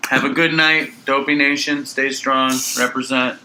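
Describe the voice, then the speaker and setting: Man, podcast co-host, crisp bright tone, teasing banter, faint hiss behind. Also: medium pitch, moderate pace, rough recording. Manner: animated, teasing, mock-outraged. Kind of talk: casual comedic podcast banter.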